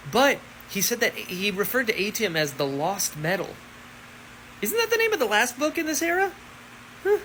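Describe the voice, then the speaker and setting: Male book reaction host, bright tone, swoops up and down a lot, excitable and gushing. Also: high-pitched, a little hiss or hum, poor audio. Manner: excitable, gushing, thinks aloud with many rhetorical questions. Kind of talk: casual book reaction vlog.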